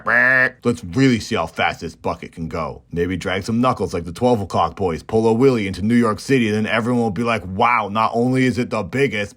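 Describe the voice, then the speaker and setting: A man narrating a comedic movie recap in a deadpan way, slipping into quick silly character voices. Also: fairly low pitch.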